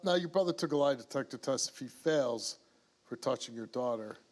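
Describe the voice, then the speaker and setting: A man hosts a daytime talk show at an ordinary middle pitch. He questions his guest directly and gets straight to the point. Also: animated, a little fast.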